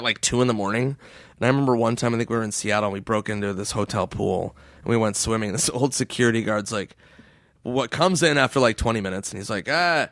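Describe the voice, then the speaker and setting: A man on a podcast spins a wild story in casual chat, laughing through it and bouncing into squeaky impressions of the people he quotes. His voice sits mid-range, and the studio sound is dry and close. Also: dry recording. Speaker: comedian guest.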